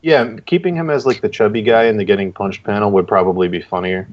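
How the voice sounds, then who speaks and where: Over dull, lo-fi stream audio, a lowish-voiced man talks at a quick pace as a guest judge joining by video call. His feedback on the comic entries is casual, meandering, and packed with fillers.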